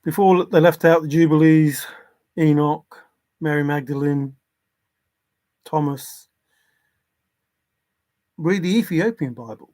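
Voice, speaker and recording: A man with a fairly high voice hosts a casual livestream from home. He talks in an earnest, insistent way and stops to answer viewer comments. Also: takes it slowly, pauses often, mellow. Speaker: livestream host. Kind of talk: casual livestream talk on religion.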